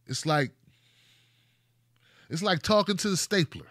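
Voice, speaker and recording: A man hosting a casual commentary show, talking in an animated, sarcastic way with rhetorical questions and mock conversations. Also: sits high, measured pace, pauses often, no room sound, studio quality. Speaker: host.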